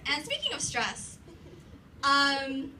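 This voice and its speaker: A woman's voice: high-pitched, sing-song, takes it slowly, bright, forceful tone. A young woman performing a stand-up comedy set in a club, telling a rambling, profane story full of "like". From Los Angeles area. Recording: distant mic, noisy club.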